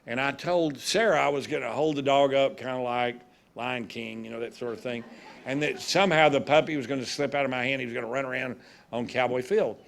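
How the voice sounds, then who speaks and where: A man with a drawl and a gravelly edge to his voice, speaking at a graduation ceremony. He tells folksy, humorous stories at a middling pitch, like a judge at ease with a crowd. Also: brisk, slight background noise. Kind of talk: ceremony speech.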